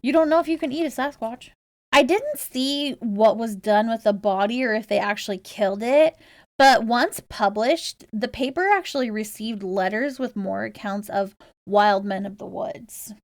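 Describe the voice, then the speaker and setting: A woman's voice: a little high, moderate pace, no echo, studio quality. A woman co-hosting a casual podcast, chatty and laughing often, reading out research with fillers. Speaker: podcast co-host.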